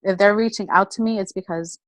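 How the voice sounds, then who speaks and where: Energetic woman sharing a motivational story. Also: medium pitch, brisk, no echo, rough recording. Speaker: motivational speaker. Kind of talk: personal motivational talk.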